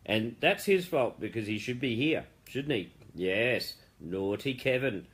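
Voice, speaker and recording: A man, founder of an online group, giving a casual live-stream update in a chatty, rambling way, warmly praising members. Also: medium pitch, expressive, measured pace.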